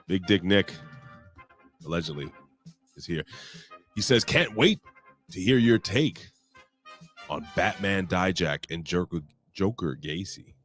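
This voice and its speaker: Brief: hoarse male podcast host, very low voice, lively swings in pitch, foul-mouthed rambling. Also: measured pace, long pauses, faint music behind. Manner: profane, rambling, joking. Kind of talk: casual wrestling review chat.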